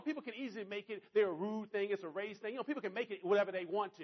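A man's voice: racing, husky, lo-fi sound. A middle-aged man giving a motivational talk to a live audience, telling stories and acting out both sides of the dialogue. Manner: animated, pitch rising sharply when excited. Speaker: motivational speaker.

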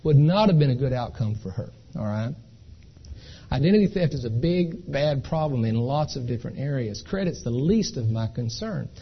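The recording cuts off the highs as a man with a husky, medium-pitched voice speaks animatedly at a moderate pace. He's giving a folksy live presentation at an identity theft seminar, chatting, storytelling, and asking the crowd "okay?" again and again.

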